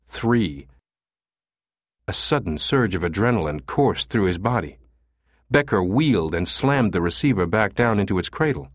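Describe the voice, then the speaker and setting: A man reading an audiobook thriller in steady, measured scripted narration. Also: lowish voice, dry recording, clean studio sound.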